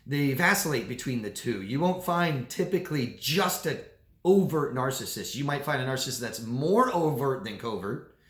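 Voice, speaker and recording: A man, a coach, talking casually to camera with animated delivery, often repeating words. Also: mid-range voice. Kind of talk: casual talking-head video. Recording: echoey room.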